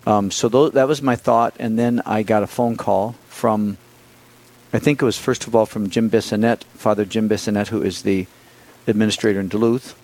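A middle-aged man speaks with a somewhat low voice, recounting events at an unhurried conversational pace. He stumbles and restarts often, filling gaps with "um" and "uh" and letting small laughs slip in. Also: steady tone, rough recording. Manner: halting, many restarts and fillers, with soft laughs. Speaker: priest appointed bishop, interview guest. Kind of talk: conversational interview storytelling.

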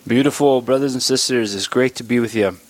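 A priest hosting a radio program, leading prayers and chatting with listeners in a measured, earnest way, slightly short of breath. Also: male voice, mid-range voice. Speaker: priest and radio show host.

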